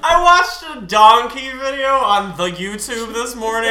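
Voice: medium pitch, roomy sound. A co-host reading fan fiction aloud on stage, playful and drily amused, laughing at the text. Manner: slow, playful, deadpan asides, laughs at the text. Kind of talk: live comedic reading with banter. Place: stage before a live audience.

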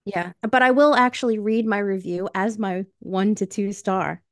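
A woman's voice: medium pitch, fairly even intonation, normal speed, no echo, studio quality. A woman co-hosting a book podcast, talking in a blunt, emphatic and slangy casual way. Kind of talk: casual chat.

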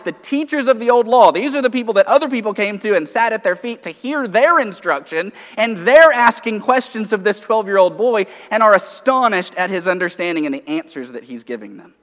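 Man, preacher, sermon, conversational teaching, rising emphasis, high voice, long hall reverb. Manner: conversational Bible teaching, alternating rising emphasis and quiet asides.

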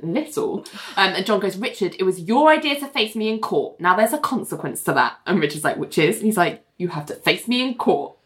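A woman's voice: medium pitch, animated, fairly quick, few pauses. A woman co-hosting a casual recap chat, retelling scenes and acting out the quotes. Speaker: podcast co-host.

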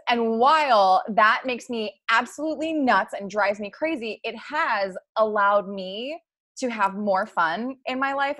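A woman's voice: mid-range voice, a bit bright. Casual co-host: a woman, chatty and easy-laughing, talking with her partner. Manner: chatty, laughs easily, lots of "like". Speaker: podcast co-host.

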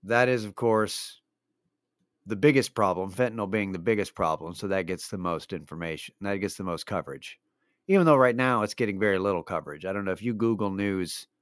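A deep-voiced man talks fairly quickly on his own show, delivering a casual solo monologue of rambling, profane stories told wryly and stuffed with fillers. The studio-quality recording has no room sound.

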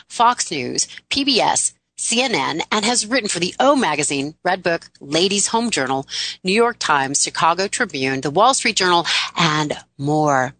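A woman's voice: fairly low pitch, pushed and bright, no echo. A woman hosting a radio interview show, speaking in an upbeat, emphatic inspirational way.

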